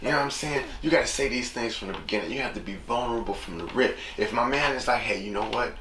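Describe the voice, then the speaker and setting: A man's voice: mid-range voice, quick pace. A man hosting a casual solo podcast, talking loosely and slipping into voices when he quotes people. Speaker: podcast host. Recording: echoey room with noticeable background noise.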